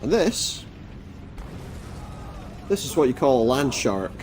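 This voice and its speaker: A man doing casual gameplay commentary, reading the game's dialogue aloud in a flat voice with dry, jokey asides. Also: mid-range voice, slow pace, slight background noise. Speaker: let's play commentator.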